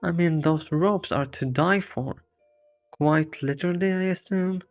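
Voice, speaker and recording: A sarcastic, bewildered male horror hero, as the narrator puts him on, firing off self-mocking quips in a game parody. Each joke lands with a wry, jittery edge. The sound is dull and lo-fi, with soft music underneath. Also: mid-range voice, measured pace, dry recording, natural voice. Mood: flustered.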